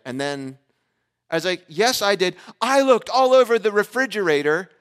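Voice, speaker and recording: A man preaching a sermon as a pastor, telling a family story in a casual, conversational way and acting out the dialogue with lively energy. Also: a little high, clear, resonant tone. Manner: animated storyteller who acts out dialogue.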